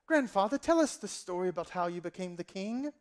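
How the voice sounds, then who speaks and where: Brief: excited little grandson in a falsetto, done by a male preacher, awestruck. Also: brisk. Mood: awestruck eager. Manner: breathless gushing questions.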